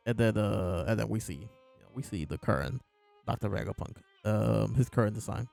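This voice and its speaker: A man's voice: lowish voice, animated, moderate pace, vocal fry, a little mellow, faint music behind. A man casually chatting as a show host, amused and laughing often as he talks. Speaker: podcast host reviewing manga. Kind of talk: casual chat.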